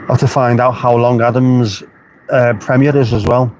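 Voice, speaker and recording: A man's voice: medium pitch, little pitch movement, moderate pace, darkish tone. A man chatting casually to his live-stream viewers outdoors by the beach, swearing freely and answering their comments. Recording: faint street noise behind the voice. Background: passing traffic.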